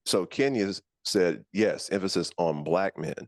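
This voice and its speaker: A man's voice: sits low, normal speed, dry recording, studio quality. A man hosting a casual podcast, talking in a laid-back, rambling way.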